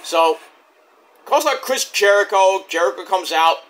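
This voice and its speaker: A man with a high, lively voice recaps a wrestling show in a loose, profane play-by-play. His tone is bright and sharp, and he rambles and restarts often as he retells each segment. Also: a little slow. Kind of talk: casual recap review.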